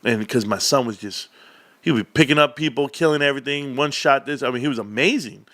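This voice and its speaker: A man's voice: mid-range voice, fast talker, no room sound. A man, chatting casually as a livestream host and acting out the voices of the people in his stories. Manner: animated storyteller, acts out quoted voices.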